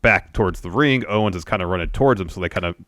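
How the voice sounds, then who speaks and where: Deep-voiced man recapping a match. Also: very fast, no echo, studio quality. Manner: steady, methodical retelling with fillers. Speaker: wrestling podcast co-host. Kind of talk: play-by-play recap.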